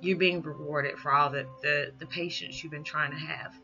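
A woman's voice: low-pitched, steady tone. Tearful woman giving a spiritual message. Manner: halting, heartfelt, repeats "you know". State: holding back tears. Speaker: spiritual reader. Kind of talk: emotional spiritual message vlog. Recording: dull lo-fi sound with music behind. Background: background music.

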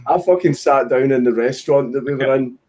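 A Scottish man in casual chat with friends, swearing constantly as he tells an animated story. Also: mid-range voice, fairly quick, a little hiss or hum. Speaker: streamer telling stories to friends.

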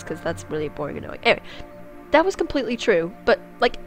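A woman's voice: medium pitch, sing-song, rapid-fire, soft background music. A young woman playing a text game, reading aloud and joking crudely about herself as she goes. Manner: crude, self-mocking, rambling. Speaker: let's play gamer.

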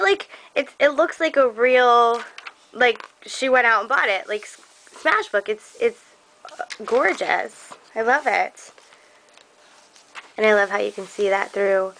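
In this low-quality recording with a little hiss or hum, a crafting vlogger unboxes craft gifts on camera. The young woman's medium-pitched, slightly bright voice gushes over every item, stretching her words out slowly in a casual show-and-tell.

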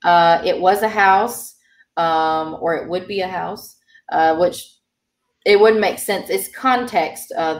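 A woman with a lowish voice teaches a beginner language class. She explains grammar patiently, with plenty of ums. She sounds a little distant from the mic, in a roomy space.

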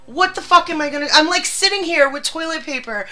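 A woman's voice: high voice, brisk, bright, forceful tone, faint music behind. A woman streaming live, panicking, swearing and laughing in fits.

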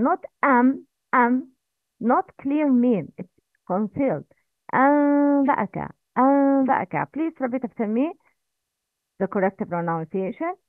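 A woman teaching Quran recitation, drilling pronunciation slowly and correcting errors. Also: high-pitched, no room sound. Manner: slow, drilling repetition with corrections. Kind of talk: recorded language lesson. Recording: tinny phone-like audio, dry.

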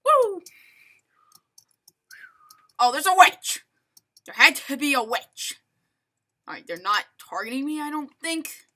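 Woman, game commentary host, rambling and self-mocking, lively sing-song range. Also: high-pitched, moderate pace. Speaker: gaming channel host. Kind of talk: live gameplay commentary.

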